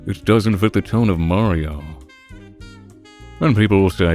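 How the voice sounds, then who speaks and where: A deep-voiced man delivering a heated monologue, pressing each point with earnest conviction. His tone is passionate and ranting, like a diatribe. Gentle music plays softly behind him. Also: sing-song, moderate pace. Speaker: video reviewer. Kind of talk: opinionated film critique monologue.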